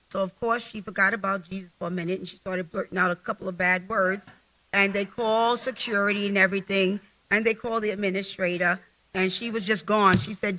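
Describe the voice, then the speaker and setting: A woman's voice: mid-range voice, fairly even intonation, fairly quick, bright, forceful tone, poor audio. A middle-aged woman giving a casual health talk at a women's conference, talking straight to the audience in a folksy way.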